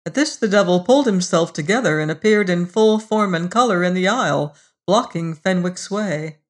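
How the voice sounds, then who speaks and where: A narrator reading a story aloud in a slow, measured storytelling manner. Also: mid-range voice, lively intonation. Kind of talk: audiobook reading.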